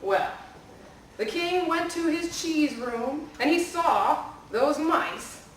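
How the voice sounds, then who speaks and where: Animated library storyteller, woman, reading a folktale to kids; echoey room, voice distant. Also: high-pitched, takes it slowly, slight background noise. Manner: animated, asks the audience questions. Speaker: children's storyteller. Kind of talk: storytelling to children.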